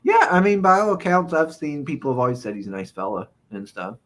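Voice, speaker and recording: A man's voice: a little high, very animated, brisk, fairly bright tone. A man co-hosting a casual podcast, telling rambling stories full of fillers and chuckles. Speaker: podcast co-host. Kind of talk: casual chat.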